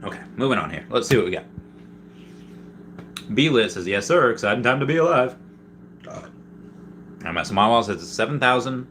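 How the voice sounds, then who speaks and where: A man with a low, bright, forceful voice chats excitedly on his livestream, rambling and restarting as he reads viewer comments. Faint noise hums behind him. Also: a little fast, pauses often. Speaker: livestream host reading chat. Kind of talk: casual livestream chat.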